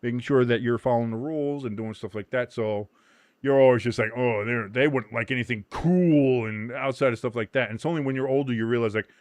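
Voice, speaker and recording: A man hosting a live match watch-along in casual chat. He gets excited easily, swears freely, laughs often and shouts at big moments. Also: medium pitch, a little fast, dry recording.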